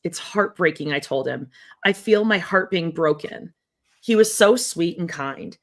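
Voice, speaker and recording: A woman co-hosting a podcast, reading a memoir aloud in a soft, lowered voice and breaking off for blunt, casual comments. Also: lively intonation, unhurried.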